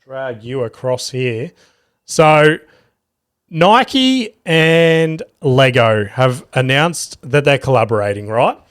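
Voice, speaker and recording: In a dry, studio-quality recording, a podcast host and stand-up comedian rambles through stories on his solo show, chatting casually and cursing freely. His mid-range voice is smooth and animated, and he speaks at a slow pace.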